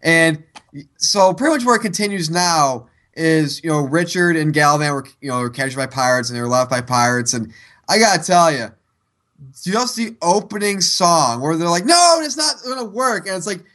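A man co-hosting a podcast, chatting casually about a TV show in a rambling, animated way. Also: a little high, moderate pace. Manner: rambling, animated retelling of scenes. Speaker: podcast co-host. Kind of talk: casual chat reviewing a TV show.

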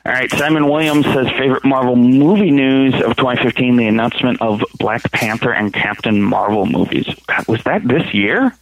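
A man's voice: mid-range voice, normal speed, few pauses, a little hiss or hum, low-quality recording. Joking male podcast co-host. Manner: joking, playful. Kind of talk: casual chat, reading listener messages.

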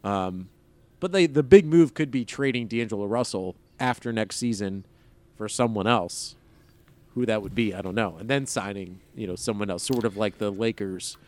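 A man's voice: on the low side, moderate pace, a little mellow. A man co-hosting a basketball podcast in casual chat, rambling with many fillers and a wry tone. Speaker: podcast co-host.

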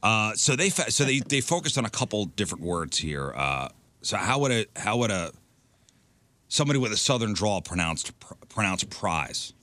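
A man's voice: lowish voice, big pitch swings, fairly quick, pushed and bright, no room sound. A man from New York hosting a radio show, asking questions and leading casual banter. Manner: inquisitive, leads the discussion. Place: radio studio.

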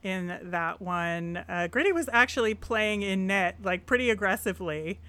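A woman's voice: medium pitch, animated, normal speed, bright, forceful tone. A woman co-hosting a casual sports chat, upbeat and chatty, laughing easily. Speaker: podcast co-host.

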